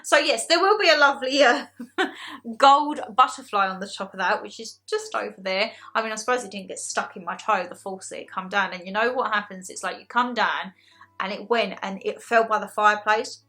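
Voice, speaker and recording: A young woman chatting casually in a haul video, animated and self-deprecating, laughing often as she talks. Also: mid-range voice, a little fast, soft background music. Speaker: haul vlogger.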